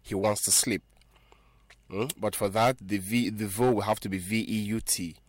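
Patient, deep-voiced man teaching French. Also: fairly even intonation, dry recording. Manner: patient, repeats and spells words slowly. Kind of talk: spoken language lesson.

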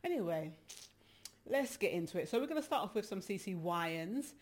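Jamaican woman, live-stream host, slightly breathless, warm and chatty with her viewers. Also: medium pitch, big pitch swings, normal speed. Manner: chatty and affectionate, greets viewers by name, laughs often. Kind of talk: casual live-stream chat, reading out viewer comments.

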